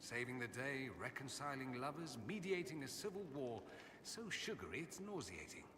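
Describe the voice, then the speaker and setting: An actor playing a witty, sardonic male mage noble in a video game, with dry theatrical wit, heard as game audio with long reverb and clear background noise. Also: medium pitch, animated, moderate pace, natural voice.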